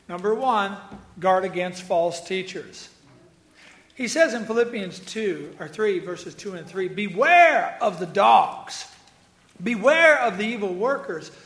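A man's voice: high-pitched, roomy sound. A man preaching a sermon, folksy and joking, with asides to members of the congregation. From Iowa. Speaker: pastor.

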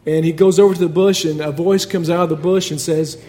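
A man's voice: a little high, steady tone, fairly quick, warm tone, a little hiss or hum. A man preaching a sermon in a conversational but emphatic way, building points through repetition.

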